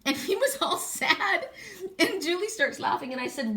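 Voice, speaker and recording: A middle-aged woman giving a casual oracle card reading, chatty and animated, telling stories and laughing as she talks. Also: high-pitched, normal speed.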